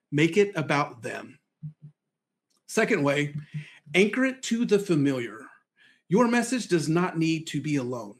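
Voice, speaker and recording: A middle-aged man giving a casual presentation lesson, telling folksy stories and acting out quoted voices. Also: a little high. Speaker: presentation skills trainer.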